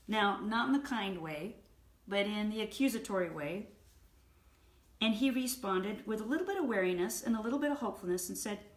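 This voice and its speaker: A woman retells an anecdote for a book review, telling it vividly with her voice at a middle pitch. The recording is roomy, with a clear echo around her. She keeps a hosting, storytelling flow. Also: lively intonation, a little fast.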